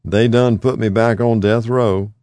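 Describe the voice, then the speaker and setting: A narrator puts on a frail, confused old man whose voice rides noticeably higher than the reader's own, repeating words emphatically in plain folksy speech. It is a close, dry, mellow read with no room around it, in the manner of an audiobook memoir. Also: fairly even intonation, measured pace, no echo, close to an everyday voice. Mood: mournful. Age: older.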